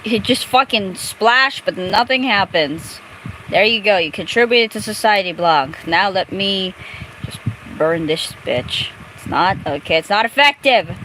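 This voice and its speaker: Young woman with lively gameplay chatter. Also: mid-range voice, measured pace, a little hiss or hum, rough recording. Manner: chatty, crude, talks to the game. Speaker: gameplay streamer. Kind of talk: casual gameplay commentary.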